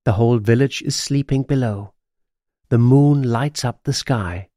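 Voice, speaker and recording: A man reading a children's audiobook aloud in an expressive storytelling manner. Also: mid-range voice, normal speed, no room sound, clean studio sound. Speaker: audiobook narrator.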